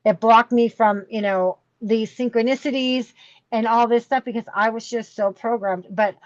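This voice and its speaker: A woman's voice: on the high side, steady tone, moderate pace, darkish tone, no echo, muffled recording. Middle-aged woman telling a rambling story. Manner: rambling, emotional, full of fillers. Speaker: podcast guest. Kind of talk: candid interview storytelling.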